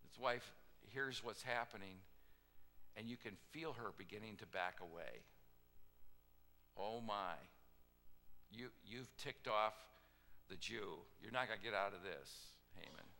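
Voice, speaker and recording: A man delivering a sermon, retelling the story with casual asides and acting out the quotes. His voice is bright and forceful. It rings with a long reverb, as if recorded in a large hall. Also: fairly low pitch. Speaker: pastor.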